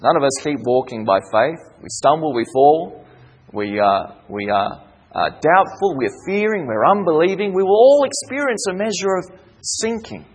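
A man preaching an evening sermon, who swings from emphatic calls to hushed, soft pleading. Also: a little high, expressive, moderate pace, husky, poor audio.

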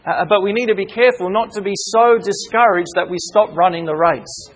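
High, husky-voiced preacher man. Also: poor audio. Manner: preaching with frequent call-and-response amens and rhetorical questions; slows and stresses key words, with hesitant fillers. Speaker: pastor. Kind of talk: sermon.

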